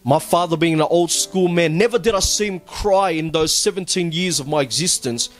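A man with a fairly high voice tells his testimony in an earnest, halting way, often repeating words. Soft music plays faintly behind him. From Australia. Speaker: church testimony speaker. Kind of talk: personal testimony. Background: faint background music.

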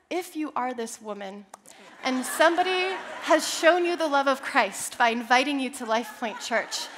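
A young woman preaching a sermon, telling a personal story with animated, self-deprecating humor. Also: sits high, moderate pace. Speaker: church speaker.

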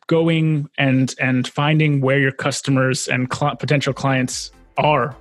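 A man's voice: medium pitch, little pitch movement, slow pace, dry recording, faint music behind. A man hosting a podcast, talking in an enthusiastic, laid-back way and calling his guest "man" and "dude". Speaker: podcast host. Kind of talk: casual interview chat.

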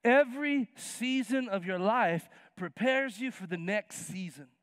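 A man's voice: high-pitched, measured pace, dry recording, studio quality. A man in his fifties preaching a sermon as pastor, acting out Bible characters in casual slang. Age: 50s. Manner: animated, acts out Bible characters in slangy voices. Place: church sanctuary.

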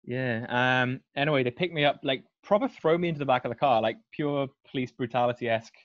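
A man's voice: mid-range voice, a little fast, no echo. A young man, a podcast guest telling a story in casual, self-deprecating chat. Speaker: guest cyclist. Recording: dry, slightly dull audio.

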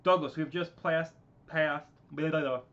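A man voicing Devon, a young pilot giving reports, reading loudly with stumbles on a dull lo-fi recording. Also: fairly high pitch, steady tone, normal speed, pitched above the performer's own voice. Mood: reporting.

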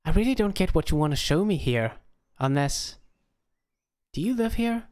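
A man's voice: fairly high pitch, animated, moderate pace, darkish tone, pitched above the performer's own voice, natural voice. A man voicing a sarcastic young woman with a dry, mocking delivery in an audiobook. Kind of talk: audiobook character voice.

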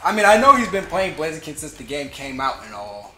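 A man streaming a fighting game, giving excitable running commentary and trash talk between laughs. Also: a little high, brisk, crowd noise. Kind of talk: live gameplay commentary. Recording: roomy echo with faint game music.

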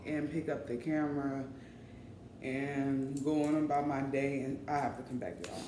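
A woman's voice: a bass voice, normal speed, mellow. Woman vlogging, talks to y'all real casual, echoey space w/ faint hum behind. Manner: chatty, informal, addresses viewers as y'all. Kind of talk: casual vlog chat. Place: in line at a shopping mall coffee shop.

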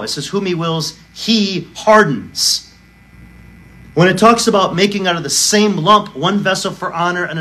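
Pastor guy preaching hard, kinda high voice for a man, lots of rhetorical questions, argues every point. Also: a bit bright. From United States. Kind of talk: sermon.

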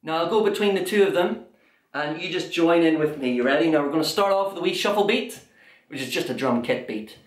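A man's voice: fairly high pitch, expressive, a little fast. A young man leading a kids' drum lesson, chanting call and response in a playful, sing-song way. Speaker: children's drum workshop leader. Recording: echoey room with drum music. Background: drum and percussion beat.

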